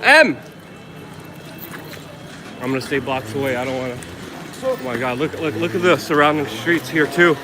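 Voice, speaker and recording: A man reporting live on the scene as an independent reporter, shaken and exclaiming over and over while filming with a handheld camera outdoors. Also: a little high. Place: outdoors on a city street. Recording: loud street noise outdoors.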